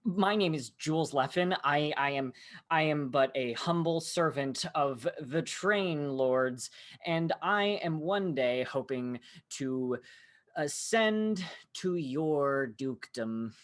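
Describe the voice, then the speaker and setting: An earnest, starstruck young man gushing over his hero, as a woman plays him at the table. The voice is very low for a woman and slow, swinging widely up and down in a tabletop role-play. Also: expressive. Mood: eager. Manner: earnest, fawning. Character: eager young male train fan.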